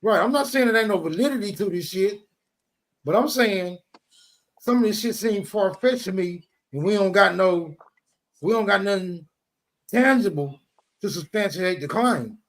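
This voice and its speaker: A gravelly, high-pitched man in a loose conversation. He talks bluntly, full of slang and profanity. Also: animated, normal speed. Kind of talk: casual chat.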